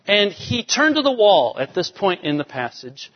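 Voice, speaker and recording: A man's voice: high voice, sing-song, moderate pace. A man preaching a sermon as pastor, explaining scripture and building to emphatic points. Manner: expository preaching, rising to emphatic peaks. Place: church sanctuary. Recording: dull sound with long hall reverb.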